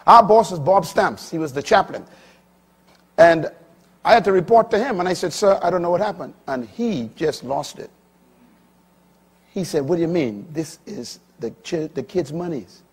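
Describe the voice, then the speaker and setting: A man in his sixties preaching a sermon, swinging from quiet, low stretches to loud, high, emphatic lines. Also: animated, moderate pace, breathy edge. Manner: dramatic swings from quiet to loud, rising pitch on key lines. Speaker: pastor.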